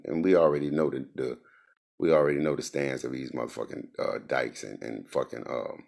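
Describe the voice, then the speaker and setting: A man's voice: rumbling low, creaky, darkish tone. A man ranting in a casual, profane, rambling monologue, heated and restless. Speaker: host. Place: Indianapolis.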